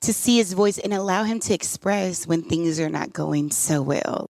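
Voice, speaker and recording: A woman's voice: on the low side, moderate pace, gravelly, darkish tone, no echo. A woman hosting a casual interview, affirming her guest and often calling things beautiful. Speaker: podcast host and coach.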